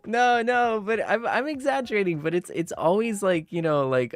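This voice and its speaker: Talking at normal speed with hardly any pauses, this man has a high-pitched voice. He's a young adult streamer chatting loosely with viewers, meandering through ideas full of fillers and bursting into playful melodrama.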